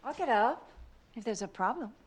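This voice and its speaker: A woman's voice: fairly high pitch, expressive, moderate pace, slight background noise, lightly acted. Drama casting: an actress as a guarded middle-aged mother, clipped and defensive. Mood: matter-of-fact. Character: estranged mother, defensive and cool. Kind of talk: TV drama acting.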